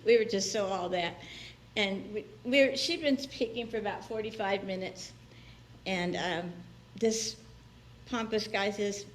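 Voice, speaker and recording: A woman minister gives a chatty, personal sermon. Her pitch sits in the middle, and she often laughs and acts out the people she quotes. Faint room noise lingers behind her. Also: moderate pace. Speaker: guest minister. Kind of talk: conversational sermon. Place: church sanctuary.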